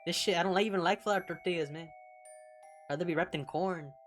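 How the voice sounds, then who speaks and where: A swaggering male mummy with a Mexican accent, tossing out mock threats and street slang in a fairly low voice pushed up a little higher and louder, as a woman puts him on. The tough-guy bravado sounds like a joking streamer bit. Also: fairly quick, soft background music, natural voice. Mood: mock-menacing. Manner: mock-threatening, slangy, mixing in Spanish words.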